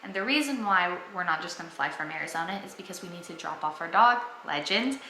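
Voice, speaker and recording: A woman's voice: lowish voice, animated, fast talker, pushed and bright, roomy sound, a little hiss or hum, rough recording. A young woman vlogging at home, talking earnestly and enthusiastically about her faith to the camera. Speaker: family vlogger. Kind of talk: casual faith talk to camera.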